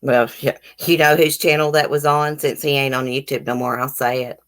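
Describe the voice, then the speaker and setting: A woman's voice: very deep voice, steady tone, moderate pace, fairly bright tone. A woman from the American South with a Southern accent, hosting a casual live stream, chatting frankly and bluntly with her viewers as she reads their comments. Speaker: YouTube live stream host.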